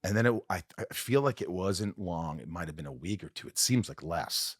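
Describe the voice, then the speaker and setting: A man's voice: normal speed, no room sound, clean studio sound. A man hosting a podcast, telling a story with feeling and acting out what people said. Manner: animated, acts out quotes with big pitch swings. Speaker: podcast host. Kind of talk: emotional storytelling in casual conversation.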